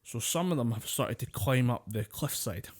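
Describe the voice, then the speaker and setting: With an animated, breathy-edged voice of medium pitch and a moderate pace, this podcast co-host tells stories in loose, casual conversation. He rambles, curses freely and frequently bursts into laughter.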